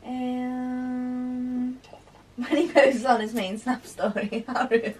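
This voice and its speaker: A woman's voice: high voice, level tone, slow, a little mellow, far from the mic. A woman co-hosting a podcast in casual chat, giggly and playful in banter. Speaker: podcast co-host.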